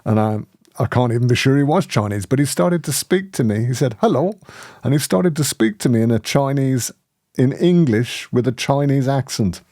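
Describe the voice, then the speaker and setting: Mellow-voiced man telling a story. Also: medium pitch, normal speed, dry recording, studio quality. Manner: animated, laughs often, many restarts. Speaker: host of a spiritual community. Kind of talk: conversational storytelling.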